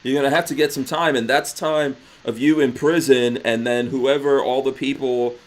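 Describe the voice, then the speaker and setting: A man co-hosting a casual podcast, reading out listener comments and teasing his co-host, his phrases trailing off quietly. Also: medium pitch, steady tone, moderate pace.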